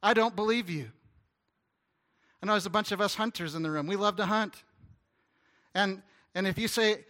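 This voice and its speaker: Bright-voiced storytelling preacher, a man. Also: high-pitched, normal speed, pauses often. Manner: storytelling preacher, dropping to hushed tones and rising to loud ones; acts out little dialogues with the congregation. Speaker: pastor. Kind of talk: sermon.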